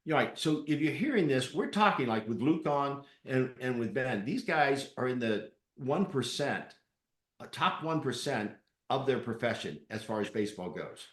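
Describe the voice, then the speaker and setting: A man interviewing a guest on stage, telling lively coaching stories with acted-out quotes. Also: medium pitch, normal speed, roomy sound. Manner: animated storyteller with acted-out quotes. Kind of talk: live interview with storytelling.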